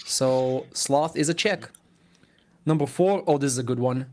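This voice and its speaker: A man reading out a sarcastic, deadpan roast of a streamer as a listener message. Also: mid-range voice, a little slow, noisy background.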